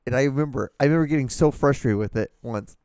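A podcast host rants on his own show, speaking fast in a mid-range, slightly mellow voice with an exasperated, profane, casual tone. It's a solo rambling rant into a studio microphone while talking to camera, with a clean, echo-free, studio-quality sound.

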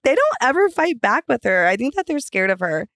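A woman's voice: high voice, sing-song, a little fast, a bit bright, no room sound, clean studio sound. A young woman guesting on a podcast, chatty and full of fillers, laughing often in casual chat.

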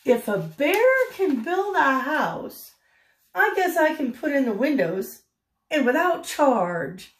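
A woman's voice: high voice, sing-song, slow, voice pushed up, full character voice. An older woman voicing a puzzled but kindly grown man, a carpenter in a storybook, who sounds bewildered yet obliging. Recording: roomy echo.

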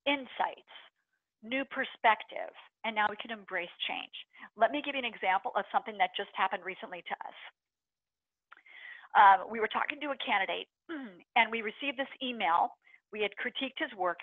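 A middle-aged woman presenting a webinar, energetic and expressive, acting out inner voices with sighs and gasps. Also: mid-range voice, no room sound. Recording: tinny phone-line audio, dry.

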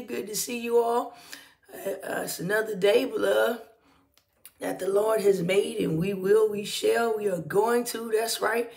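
A woman pastor giving a live morning devotional in a casual, animated way, repeating greetings and using many fillers. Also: a little high.

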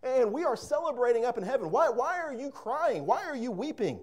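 A man's voice: extremely high pitch, big pitch swings, fairly quick, voice pushed up, heavily acted. A man voicing a chatty, bewildered male angel who asks over and over why someone is crying, with incredulous, exasperated questions. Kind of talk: playful acted quote in a sermon.

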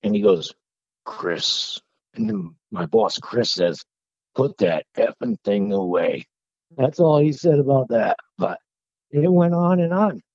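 Guy rambling thru a story, gravelly low rumble, kinda dull lo-fi sound. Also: unhurried, dry recording. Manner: animated, conversational, working-class phrasing. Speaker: guest telling his encounter. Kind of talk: casual storytelling to a host. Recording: dull lo-fi call audio.

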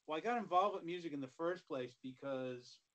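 A middle-aged man, a guest musician, telling stories in a relaxed, rambling way with many asides. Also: on the high side, fairly quick, poor audio. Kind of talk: casual interview storytelling.

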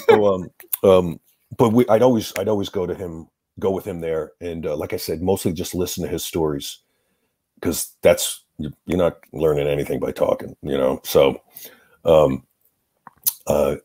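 A middle-aged man tells lively anecdotes as a guest in a casual interview, laughing between lines. His voice sits low with a husky, dark tone. The sound is close and dry. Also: moderate pace, no room sound. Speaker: actor guest.

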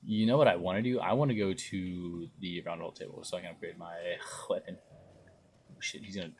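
A young man streaming a game live, chatting along casually and breaking into loud excited exclamations. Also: deep voice, brisk, slight background noise. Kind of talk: live gameplay commentary.

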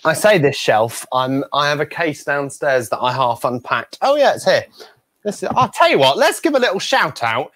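A man with a higher-than-average voice tells stories on a video call from home. His tone is bright and forceful, and his pitch swings a lot as he acts out other people's voices in a lively, animated way. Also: normal speed. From United Kingdom. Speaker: guest ventriloquist. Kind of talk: animated storytelling in a chat. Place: home room.

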